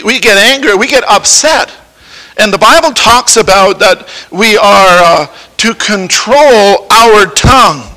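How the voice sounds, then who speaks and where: Guy preacher doing a kids sermon at church, playful, bright high voice. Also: rough recording. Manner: playful, coaxing, asks the kids questions. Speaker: preacher giving a children's lesson. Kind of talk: children's sermon.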